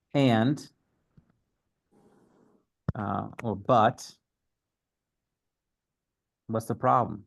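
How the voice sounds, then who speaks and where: A man leading a Bible study group, teaching in a casual, thoughtful way with halting phrasing and many fillers. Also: lowish voice, creaky.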